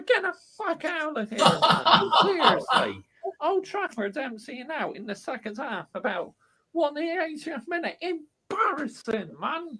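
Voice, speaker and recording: A man, a football fan vlogger giving an angry rant to camera, shouting and swearing heavily. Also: very high-pitched. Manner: furious, shouting, heavy swearing.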